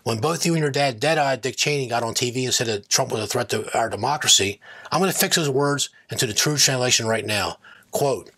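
On his own political commentary channel, a man launches into a combative rant that wanders off and keeps looping back, correcting himself as he goes. His voice is medium-pitched, a bit bright, and husky.

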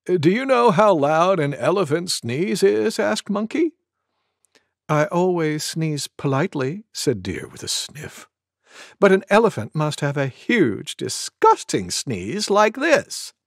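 A man voicing a gentle male goose who reads a cartoon storybook aloud, acting out each animal with big sneezes. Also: fairly high pitch, sing-song, takes it slowly, creaky, no echo, studio quality, full character voice. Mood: storytelling.

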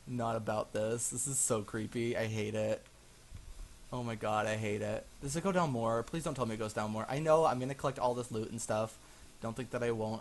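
Playing a survival game for his channel, this host talks to viewers throughout, easily spooked and prone to gasps and exclamations. His voice is mid-range and creaky, with a bit of hiss or hum.

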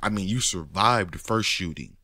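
A man ranting in a casual monologue, his low voice leaping up into near-shouts. He speaks in a lively, profane way. The recording is close and dry. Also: moderate pace, no echo. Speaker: commentator.

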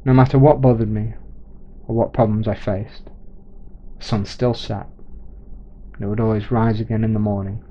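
A man voicing a calm, wise grown man who speaks slowly and reassuringly, in a dull lo-fi recording. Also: on the low side, slight background noise, lightly acted.

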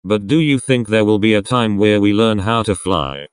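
A young man giving casual reaction commentary in a rambling, sarcastic way with quick asides. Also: lowish voice, clear, resonant tone, no room sound, studio quality. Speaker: reaction video host.

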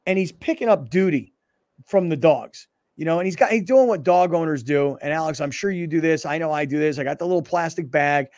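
Animated male sports radio host. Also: fairly high pitch, brisk, no echo, studio quality. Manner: animated storyteller, acts out dialogue. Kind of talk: casual sports talk show chat. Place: broadcast studio. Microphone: studio microphone.

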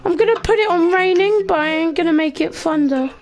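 A man's voice: very high voice, a little fast, a crowd in the background. A male streamer running a block-building game, clowning around, giving bossy orders and breaking into mock singing. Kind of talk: casual livestream chat.

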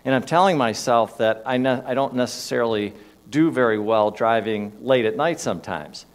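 A minister with a mid-range voice preaches in a church sanctuary at normal speed. He tells a personal story in a conversational style, moving his emphasis around as he goes.

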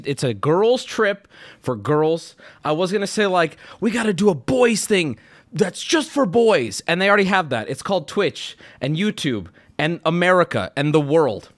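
Excitable high-voiced male streamer. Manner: loud, excitable, swings into shouting. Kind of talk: casual live-stream chat.

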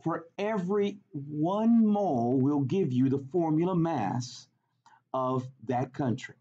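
Man voicing a chatty old Southern lady at the bank, doting, high voice, muffled lo-fi sound. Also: slow, warm tone. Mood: sweetly helpful. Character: little old blue-haired bank teller lady, sweet.

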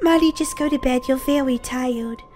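A woman's voice: high-pitched, normal speed, darkish tone, soft background music. A woman playing bossy, impatient sister Daisy. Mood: firm. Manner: scolding, exasperated. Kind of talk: roleplay story voice-acting.

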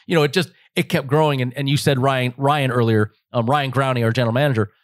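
A lively American man in his forties from Las Vegas is a guest in a casual interview, telling stories fast, joking along and acting out his family's voices. His voice sits at an ordinary middle pitch and sounds dry and close, with no echo or room around it.

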